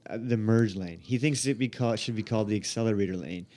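A man with a mid-range voice chats casually. He talks very fast, jumps into the conversation and finishes other people's points. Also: fairly low pitch, dark tone. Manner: quick, chatty, jumps in. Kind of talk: casual chat.

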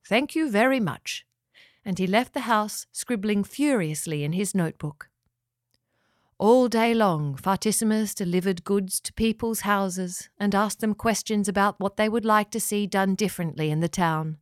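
A woman reading a children's story aloud, gently and expressively, dropping lower on narration tags. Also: moderate pace, no room sound, studio quality.

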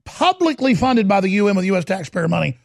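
A male talk show host rants heatedly and sarcastically through a political monologue. His voice sits fairly high and is rough and gravelly with a raspy edge. The sound is close and dry. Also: big pitch swings, fast, no room sound. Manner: ranting, sarcastic, slips into mocking impressions.

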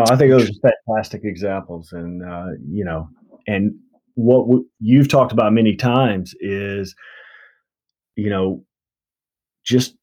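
A man with a Southern American accent, a guest telling stories in an easygoing, measured way. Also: fairly low pitch, darkish tone. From Mississippi. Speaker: guest, endurance coach. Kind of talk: casual conversational interview.

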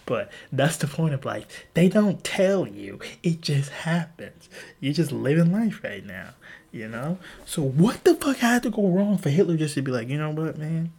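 A man hosting a solo podcast, talking off the cuff in a rambling, profane way. His voice is husky and swings widely in pitch. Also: big pitch swings, normal speed, darkish tone. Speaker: podcast host. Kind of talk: casual solo podcast rant.

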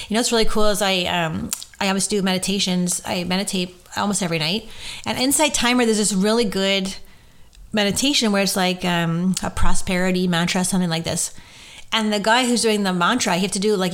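A woman's voice: mid-range voice, a little fast, fairly bright tone. A woman hosting her own podcast, talking in a rambling, chatty way with lots of "like" and "right?". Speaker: podcast host. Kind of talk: casual solo podcast chat.

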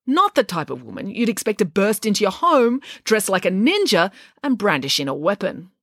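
A woman reading a children's story aloud with a wry, expressive delivery. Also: mid-range voice, normal speed, dry recording, clean studio sound. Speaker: narrator.

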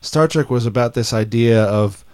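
A man's voice: mid-range voice, normal speed, darkish tone, clear, resonant tone, dry recording, studio quality. A man hosting a podcast, talking casually and enthusiastically with a friend, often restarting his sentences. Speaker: podcast host. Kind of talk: casual chat.

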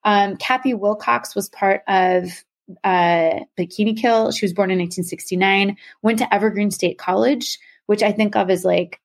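A woman's voice: medium pitch, steady tone, normal speed, vocal fry. A young adult woman explaining a topic to a co-host in casual podcast talk, full of "um" and "like". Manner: chatty, many fillers like "um" and "like".

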